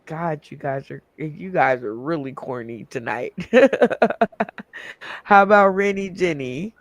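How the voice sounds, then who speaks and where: A man's voice: a little high, lively intonation, takes it slowly, dry recording. A man hosting a casual comedy game show over a video call, laughing often and rambling with fillers.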